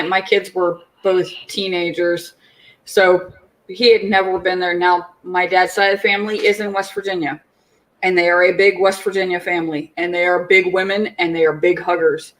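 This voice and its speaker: A woman in her forties, a podcast co-host, telling a family story in casual chat, animated and swearing freely. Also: fairly low pitch, low-quality recording.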